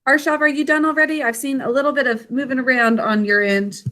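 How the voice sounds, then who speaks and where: A woman teaching an online spelling and grammar lesson over a video call, slow, clear and encouraging as she sounds out words. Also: high-pitched, steady tone, sharp tone.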